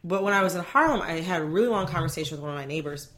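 Chatty young woman, low voice. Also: slight background noise. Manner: animated, chatty, quick to laugh. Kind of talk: casual conversation.

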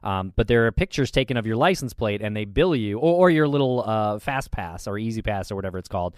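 A man's voice: on the low side, lively intonation, fast, no echo, studio quality. A man co-hosting a casual chat, telling a news story with many fillers and restarts.

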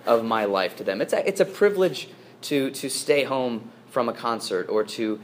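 A man's voice: mid-range voice, lively intonation, moderate pace, slight background noise. A priest delivering a sermon to his congregation, earnest and emphatic, with frequent fillers and restarts.

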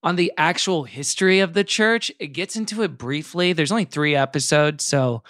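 A man's voice: on the high side, moderate pace, fairly bright tone, dry recording. A man co-hosting a podcast, introducing the topic with dry, wry asides. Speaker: podcast co-host. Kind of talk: casual podcast chat.

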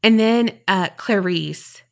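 A woman's voice: mid-range voice, takes it slowly, gravelly. Woman, Southern US accent, chatty, rambling, podcast co-host, casual storytelling.

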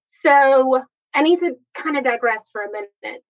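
A woman shares a personal story in a candid, chatty way, full of quick asides. Her voice sits a little high. The recording is dull and lo-fi. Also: lively intonation. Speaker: guest sharing personal story.

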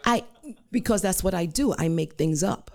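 A woman's voice: fairly low pitch, moderate pace, vocal fry, a little mellow. A woman telling a personal story in a dramatic, emphatic way, with lots of repetition.

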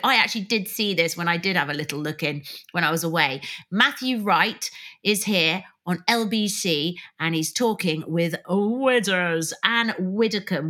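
A woman's voice: on the low side, pushed and bright. A middle-aged woman from Britain co-hosting a casual chat podcast, chatty and laughing often, mimicking polite Brits. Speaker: podcast co-host.

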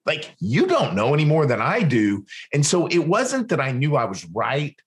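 A former military interrogator, appearing as a guest in an interview, tells a story and animatedly acts out the lines other people said. His voice sits fairly high and moves at a normal speed.

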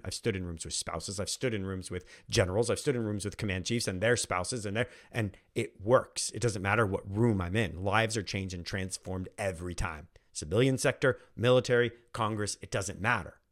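A man with a fairly low voice tells a personal story as a podcast host. He speaks earnestly and with emphasis, and he repeats key phrases to drive them home. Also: moderate pace.

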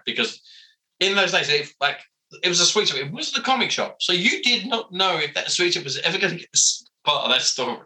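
A man, a comic book writer telling animated, self-mocking stories as an interview guest, full of fillers. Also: a little high, low-quality recording. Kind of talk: casual interview storytelling.

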